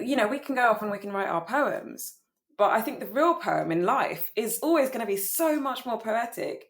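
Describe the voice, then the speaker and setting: Woman poet chatting about her poem, lively, laughs a lot, keeps restarting sentences. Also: mid-range voice. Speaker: poet, guest.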